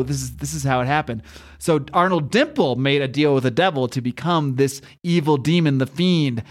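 A man hosting a comic book podcast in casual, enthusiastic chat, rambling through the story and laughing often. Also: mid-range voice.

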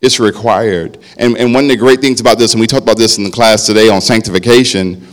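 A man with a fairly low voice delivers a sermon in a conversational way, checking in with his listeners by asking "right?". He speaks as their pastor and grows quieter and softer when he turns to himself. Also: steady tone, very fast.

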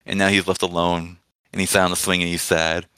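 A man's voice: low voice, little pitch movement, fairly quick, sharp tone, clean tone, dry recording. A man co-hosting a podcast, chatting casually in a rambling, sarcastic, profane way. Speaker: podcast co-host. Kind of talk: casual chat.

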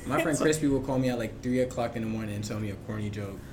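A man's voice: medium pitch, rapid-fire, crowd noise. A teenage boy co-hosting a podcast, chatting casually and laughing as he tells stories and jokes. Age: teens. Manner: laughs a lot while telling jokes. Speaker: teen podcast co-host. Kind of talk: casual chat.

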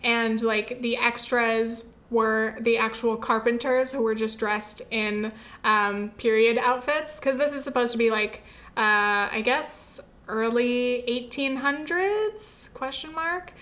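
A woman's voice: on the high side, fairly even intonation, slow, a bit bright. A young woman casually reviewing films she watched for class, chatty and rambling, with lots of fillers and self-corrections. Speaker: film review podcaster. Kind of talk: casual film review chat.

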